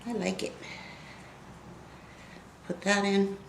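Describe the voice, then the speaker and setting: A woman's voice: medium pitch, little pitch movement, slow pace, gravelly, reverberant, a little hiss or hum, rough recording. A woman in her fifties, stuffy and congested, chatting casually to viewers while she styles her hair. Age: 50s. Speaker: beauty vlogger. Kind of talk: casual get-ready-with-me hair tutorial.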